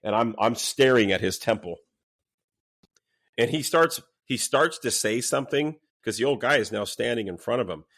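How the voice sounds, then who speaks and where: In a casual podcast interview, a man who used to be a police officer tells a story in a medium-pitched voice at a moderate pace. He's animated, cursing freely and performing the quoted lines.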